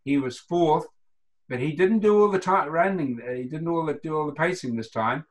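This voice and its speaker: A slightly high-pitched man talks at a normal pace over a low-quality recording. He's a retired runner from New Zealand, roughly seventy, with the local accent, rambling through anecdotes as an interview guest and voicing the lines he quotes.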